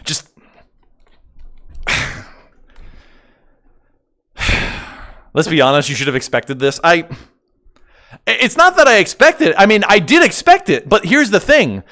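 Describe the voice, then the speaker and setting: A young man live-streaming and chatting with his viewers, loud and excitable, joking at his own expense and bursting into yells. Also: sits high, slow, long pauses. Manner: joking, self-mocking banter with chat. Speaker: livestreamer.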